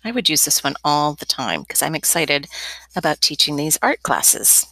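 A woman's voice: low-pitched, big pitch swings, normal speed, pushed and bright, no echo. A young woman teaching a step-by-step drawing lesson as an art teacher, chatty and encouraging with playful asides.

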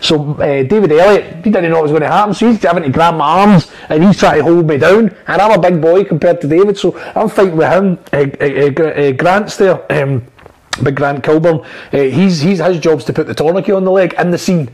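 Man telling rambling stories, higher-pitched. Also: fairly quick, darkish tone, rough recording. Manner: rambling, profane storyteller with many fillers. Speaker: actor guest. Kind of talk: casual anecdotal chat.

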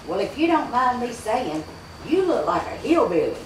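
A woman playing a cantankerous, sharp-tongued elderly mother who scolds bluntly. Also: a little high, big pitch swings, normal speed, slight background noise. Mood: scornful. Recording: echoey room from a far camera.

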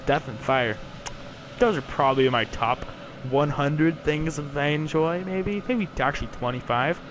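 A man's voice: on the high side, unhurried, noisy background. A young man casually commenting on a game he is playing, rambling and joking as he goes. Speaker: gameplay commentator. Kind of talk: casual let's play commentary.

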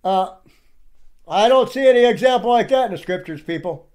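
A man's voice: high voice, expressive, normal speed, darkish tone. A man giving indignant, preachy commentary over clips and firing off rhetorical questions. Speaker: online commentator.

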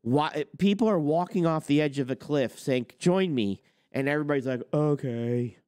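A trucking talk channel host rants his opinions in a slightly high, somewhat mellow, clean-toned voice at normal speed. He swears, gets heated and sarcastic, and mocks others in put-on quotes, all in a dry, clean studio recording.

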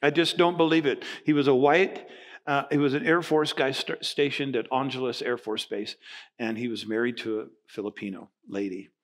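Older canadian pastor telling a story in a sermon, gets animated, does the voices of people he met. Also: mid-range voice, moderate pace. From Nova Scotia, Canada.

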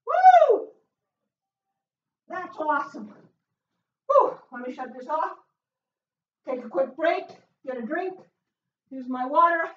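High-voiced woman cheering on a workout. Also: moderate pace, pauses often, sharp tone. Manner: upbeat, encouraging, frequent whoops. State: out of breath. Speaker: fitness instructor. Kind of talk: workout coaching. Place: home workout room. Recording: echoey room, far from mic, dull sound.

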